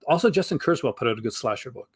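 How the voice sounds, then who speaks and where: A man's voice: mid-range voice, animated, very fast, husky, no echo. A man from Canada with a Canadian accent, chatting as a guest on a live stream, enthusiastic and rambling with lots of fillers and restarts. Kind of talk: casual chat.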